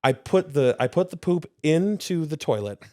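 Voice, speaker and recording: A man's voice: a little high, animated, moderate pace, warm tone, dry recording, studio quality. A man co-hosting a casual podcast, telling a long story with laughter and swearing. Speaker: podcast co-host.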